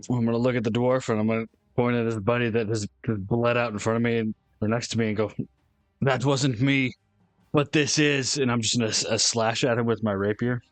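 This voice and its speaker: A man's voice: mid-range voice, flat delivery, fast, hardly any pauses, dry recording, soft background music. A man playing a tabletop game in a chatty, easygoing way. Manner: chatty, laughs easily. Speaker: player. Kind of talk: casual tabletop play.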